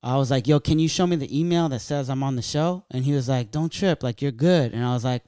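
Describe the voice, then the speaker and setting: Man, comedian, from California, casual storytelling, mid pitch, dry close sound. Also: brisk, clear, resonant tone, dry recording. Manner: loose, profane, animated storytelling. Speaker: stand-up comedian.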